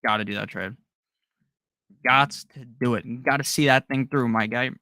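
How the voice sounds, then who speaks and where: Gravelly, bright-voiced male stream host. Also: mid-range voice, dry recording, clean studio sound. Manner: rapid-fire, offhand answers with slang and the odd curse. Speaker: fantasy football live-stream host. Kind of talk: casual live Q&A, reading out and answering viewer questions.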